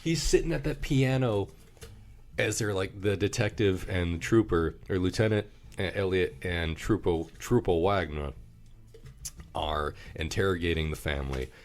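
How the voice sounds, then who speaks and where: Deep-voiced man chatting about a film. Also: moderate pace. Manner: animated, quotes lines in put-on voices, swears often. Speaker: podcast co-host. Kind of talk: casual movie review chat.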